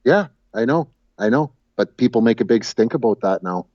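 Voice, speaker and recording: Over a video call, a guest with a mid-range, expressive, somewhat mellow voice chats casually, stumbling over and repeating words while chuckling at his own humor. His audio comes through muffled and dull, completely dry with no echo.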